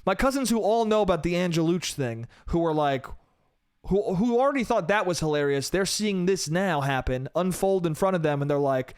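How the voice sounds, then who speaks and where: A man's voice: high-pitched, expressive, fairly quick, clear, resonant tone, no echo, studio quality. A young man hosting a solo podcast, telling a story in a casual, profane style full of "bro" and "dude".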